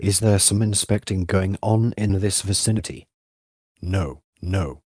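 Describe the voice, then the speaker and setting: A man's voice: low voice, measured pace, a little mellow, no room sound, clean studio sound. A man reading the part of an old village fisherman with a thin voice, asking suspicious questions. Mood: wary. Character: old male village fisherman, wrinkled, wary.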